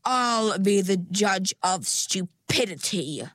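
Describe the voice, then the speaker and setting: A woman voicing a sly, sugary female sea creature who speaks slowly with sweet menace. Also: medium pitch, lively intonation, a bit bright, no echo. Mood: syrupy. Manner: sweetly menacing, slow and syrupy.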